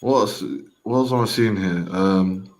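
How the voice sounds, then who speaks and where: A man's voice: deep voice, unhurried, background noise. A man co-hosting a football fan stream, chatting in loose, slangy banter. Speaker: co-host of a fan watchalong stream. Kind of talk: casual chat.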